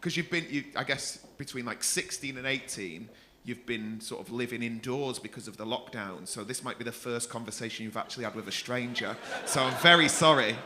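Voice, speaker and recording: A man's voice: medium pitch, a little fast, bright, forceful tone, a little hiss or hum. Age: adult. Sex: man. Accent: Mancunian. Role: stand-up comic doing crowd work. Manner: teasing, sweary. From North West England. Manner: teasing, sweary, laughing through his jokes. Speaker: stand-up comedian. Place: comedy club stage.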